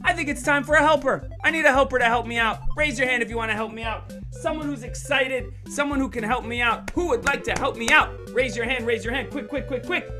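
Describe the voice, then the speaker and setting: A woman's voice: high voice, brisk, few pauses, over music. A woman presenting a playful online show for children, coaxing them to join in and talking straight to them. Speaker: kids' show presenter and magician. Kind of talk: lively online kids' workshop.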